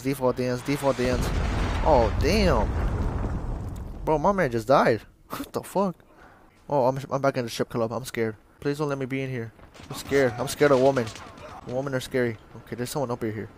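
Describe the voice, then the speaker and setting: A man's voice: mid-range voice, a little hiss or hum. A young adult man giving casual, joking, profane commentary while playing a shooter game. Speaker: gamer.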